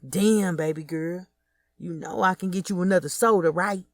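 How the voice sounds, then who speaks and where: Woman voicing a smooth-talking older hustler. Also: on the low side, moderate pace, no room sound, recorded from a distance, close to an everyday voice. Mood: flirting. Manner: smooth, teasing, slangy come-ons.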